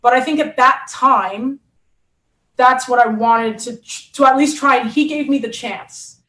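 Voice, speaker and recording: A woman, a former hurdler and coach, telling a story in an animated conversational way and acting out what people said. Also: sits high, unhurried, echoey room. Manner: animated, acts out quotes.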